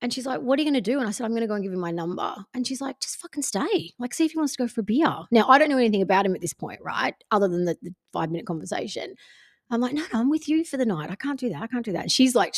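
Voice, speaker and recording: A woman, hosting a podcast and candidly telling a personal story in casual chat, swearing freely. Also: medium pitch. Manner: candid and sweary, acts out friends' lines. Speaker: podcast host.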